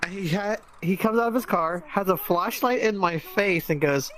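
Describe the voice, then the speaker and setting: A man casually telling a funny anecdote to friends, with wry, sarcastic, deadpan asides. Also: high-pitched, normal speed. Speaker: storyteller.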